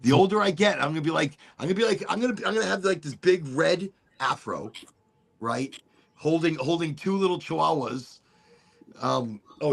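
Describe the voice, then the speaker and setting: A man's voice: a little high, animated, normal speed, gravelly, a bit bright, husky. A middle-aged man hosting a casual chat show, rambling freely with laughs and swearing. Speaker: podcast host.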